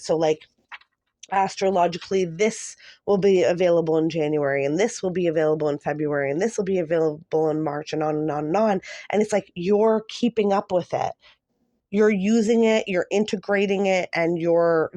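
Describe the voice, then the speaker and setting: Woman tarot reader, mellow and dry, chatty and effusive. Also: lowish voice, no echo. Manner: gushing and emotional, many fillers. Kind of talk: casual tarot reading to camera.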